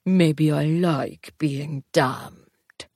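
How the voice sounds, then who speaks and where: A cruel male demon taunts in a slow, gravelly drawl, as a woman narrator puts him on. The voice sits low and husky, with soft hissed words, close and dry like a storybook reading. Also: no echo, full character voice. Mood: taunting. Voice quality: low gravelly breathy menace. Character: cruel sneering male demon, mocking his brother. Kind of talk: audiobook character voice.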